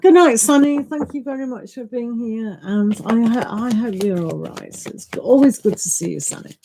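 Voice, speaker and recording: A woman's voice: fairly high pitch, moderate pace, background noise. Middle-aged lady doing a live tarot stream, chatty, greets everyone, laughs a lot. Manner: chatty, greets viewers by name, laughs often. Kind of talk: live-stream chat with viewers.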